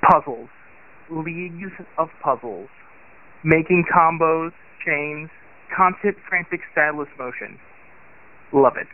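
A man leaving a voicemail, speaking slowly with careful enunciation as he reads short poems. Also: fairly high pitch. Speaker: caller. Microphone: phone voicemail. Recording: tinny phone line.

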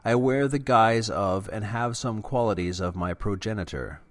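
A man voicing a calm middle-aged male construct who guards memories and speaks in a measured, formal way. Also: on the low side, no echo, close to an everyday voice. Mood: grave.

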